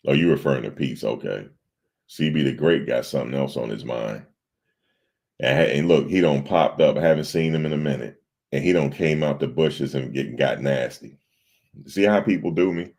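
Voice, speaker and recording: A man with a very deep, gravelly voice hosts a casual livestream. He rambles loosely and answers his viewers in the chat as he goes. His tone is husky and worn. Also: moderate pace, a little mellow. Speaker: livestream host.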